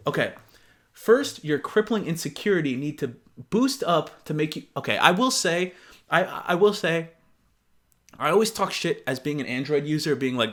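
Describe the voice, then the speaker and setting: A young man with a slightly high voice reacts to posts in casual commentary. He talks bluntly and swears freely, breaking into animated outbursts between readings. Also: moderate pace.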